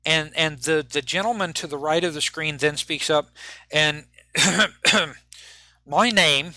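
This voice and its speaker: Bright-voiced man running a tabletop game. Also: fairly high pitch, a little slow, no echo. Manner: chatty narration with many restarts. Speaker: game master.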